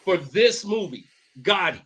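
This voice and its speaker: A man's voice: high voice, lively intonation, unhurried, bright, forceful tone, husky. A man co-hosting a podcast, chatting casually, asking questions and giving his opinions. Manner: asks questions and gives opinions. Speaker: podcast co-host. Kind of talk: casual chat.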